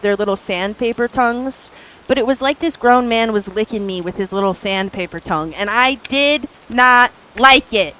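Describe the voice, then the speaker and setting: A woman streamer chatting casually to her live viewers, rambling through stories with lots of filler words and casual swearing. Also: on the high side. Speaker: art streamer.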